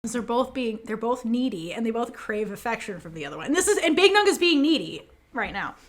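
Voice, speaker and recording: A woman co-hosting a podcast, chatting casually and animatedly with lots of fillers as she recaps scenes. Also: a little high. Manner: animated, fast, many fillers, quotes characters. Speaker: podcast co-host.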